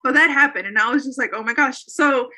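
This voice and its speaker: A woman's voice: sits high, quick pace, sharp tone. A woman in her thirties or forties, a guest telling a personal faith story in an earnest, rambling way with many fillers and restarts. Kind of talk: casual conversational storytelling.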